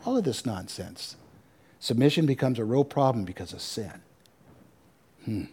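A man preaching a sermon, animated, with wry asides and repeated points. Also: medium pitch, moderate pace, slightly rough. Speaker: pastor.

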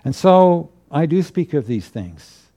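A man, a pastor preaching a sermon from the pulpit in an earnest, measured way with emphatic declarations. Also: a little high, big pitch swings, warm tone. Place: church pulpit.

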